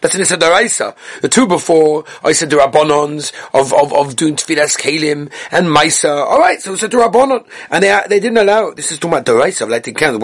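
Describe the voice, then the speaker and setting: A man works through a daily Talmud lesson, explaining line by line and often restarting his phrases. His voice is husky and sits a little high for a man. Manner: explains text in Yiddish-inflected English, frequent restarts. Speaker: Talmud teacher.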